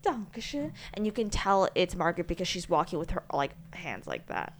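A young woman chatting casually while watching a film, animated and quick to interrupt. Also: on the low side, slight background noise. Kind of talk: casual movie watch-along chat. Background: film soundtrack music.

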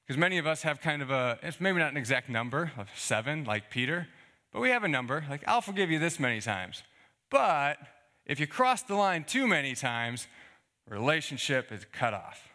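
In a medium-pitched voice at normal speed, this pastor delivers an animated, conversational sermon. He reads scripture, then explains it using fillers and rhetorical questions.

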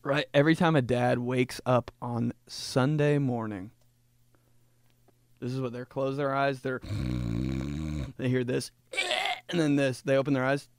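A man's voice: medium pitch, unhurried, pauses often, no echo. A man hosting a comedy podcast, telling jokey, rambling stories in casual chat. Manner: rambling, jokey, animated storytelling. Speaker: podcast host.

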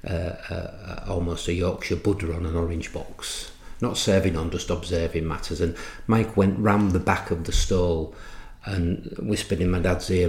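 A middle-aged English entrepreneur and author shares anecdotes in a podcast interview, halting often with restarts and fillers. His low, creaky voice is a little mellow and flat in delivery, and the recording sounds roomy.

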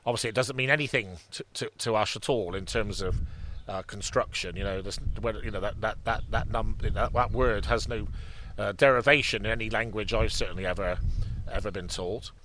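A man's voice: on the low side, a little fast, sharp tone, slight background noise. A man co-hosting a history podcast, chatting casually and rambling with many restarts and fillers. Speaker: podcast co-host.

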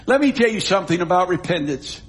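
Emphatic pastor preaching. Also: male voice, sits high, animated, fast, slightly rough. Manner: emphatic, wide swings between loud stresses and near-hushed drops. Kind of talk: sermon.

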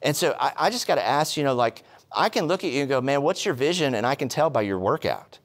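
A man preaching a sermon, telling stories with quick humorous asides and rhetorical questions. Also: medium pitch. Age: adult, past college. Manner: animated storytelling with asides. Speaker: pastor.

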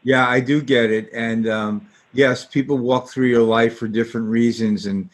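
A man's voice: mid-range voice, fairly even intonation, normal speed. A man hosting an interview, asking questions in a rambling way with many fillers. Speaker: interview host. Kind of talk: podcast interview.

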